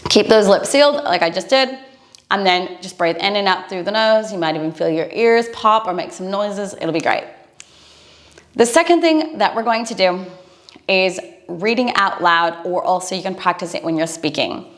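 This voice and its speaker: A woman's voice: medium pitch, normal speed, fairly bright tone. A woman breathing coach giving an earnest, encouraging instructional talk to camera.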